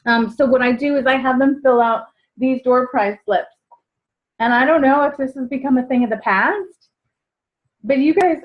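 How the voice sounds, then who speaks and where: A woman giving casual sales training, chatty, acting out what customers say. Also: high voice. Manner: chatty, acts out customer dialogues. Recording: dull lo-fi sound.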